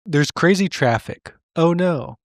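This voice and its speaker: Co-hosting a comedy podcast on a remote call mic, a man recaps an old cartoon with sarcastic, incredulous narration. His voice is a little high and animated, his pace unhurried, and the sound is clean studio quality with no room sound.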